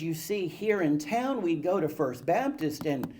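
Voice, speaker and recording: A man telling childhood stories to an audience, animated and self-mocking. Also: sits high, measured pace, a little hiss or hum. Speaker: guest speaker. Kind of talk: storytelling talk to an audience. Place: event hall with live audience.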